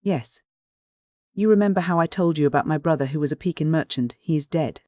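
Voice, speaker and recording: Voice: mid-range voice, warm tone, no echo, clean studio sound, pitched above the performer's own voice, lightly acted. A reader voicing a shrewd elderly widow. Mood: chatty. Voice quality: gushing endearments, brisk and matter-of-fact. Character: shrewd plump elderly widow, businesslike and gushing. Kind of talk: audiobook dialogue reading.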